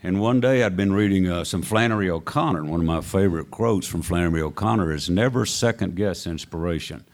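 A man's voice: sits low, brisk. An older man from Oklahoma with a drawl, talking casually as a musician guest, rambling and self-deprecating with frequent chuckles. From Oklahoma, USA. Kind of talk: casual interview chat.

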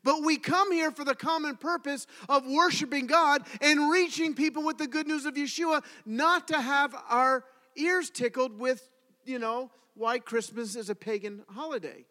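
A man preaching a sermon to his congregation, telling stories in an animated way and asking the audience questions. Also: very high-pitched, normal speed. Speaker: pastor. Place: congregation hall. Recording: reverberant hall.

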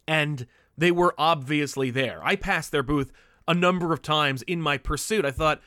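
A man's voice: a little high, lively intonation, moderate pace, pushed and bright, no room sound, clean studio sound. A man hosting a podcast about comics, talking in a chatty, opinionated, easygoing way. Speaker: podcast host. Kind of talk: casual commentary.

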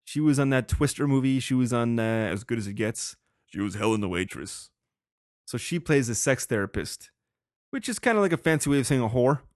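A man's voice: medium pitch, lively intonation, brisk, a little mellow, dry recording, clean studio sound. A young man hosting a casual solo podcast, rambling with lots of swearing and laughing. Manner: profane, rambling, laughs often. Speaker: podcast host.

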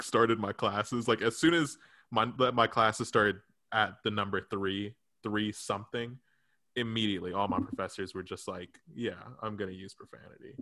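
Swearing, laughing young man chatting. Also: fairly low pitch. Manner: animated storytelling, swears freely, laughs often. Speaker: podcast co-host. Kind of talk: casual chat.

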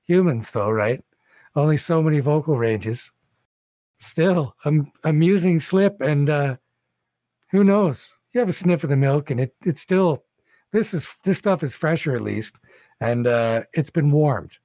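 A man's voice: on the high side, animated, unhurried, dark tone, no room sound. Rambling game master, man, dry sound. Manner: rambling, casual, many fillers. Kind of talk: narrating a tabletop game.

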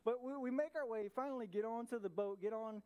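A man's voice: very high voice, quick pace, warm tone, clean tone. A man from Georgia preaching a sermon, telling a personal story in a casual, conversational way and checking in with his listeners. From Atlanta, Georgia, US. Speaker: pastor.

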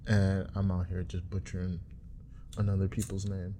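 Young guy, casual rambling chat, low mellow voice, faint background hum. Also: fairly even intonation, normal speed. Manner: rambling, joking, laughs at own bits. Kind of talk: casual profane monologue.

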